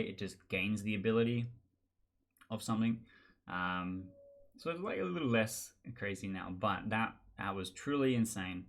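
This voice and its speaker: A man with a fairly low voice tells stories from tabletop games in a relaxed, chatty monologue. He keeps it animated and acts out the other players' lines as he goes. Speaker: board game channel host. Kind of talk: casual storytelling monologue.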